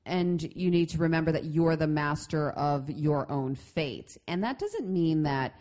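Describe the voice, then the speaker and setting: A woman with a notably low voice co-hosts a casual advice chat. She is middle-aged and talks in an animated way, circling back with restarts and fillers. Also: measured pace. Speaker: podcast co-host.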